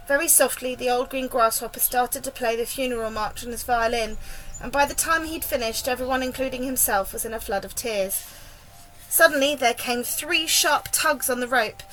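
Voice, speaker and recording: A woman reading a children's book aloud, lively and expressive, getting louder and higher for the characters' lines. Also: normal speed, low-quality recording. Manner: lively, raising pitch and volume for dialogue. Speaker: storybook reader.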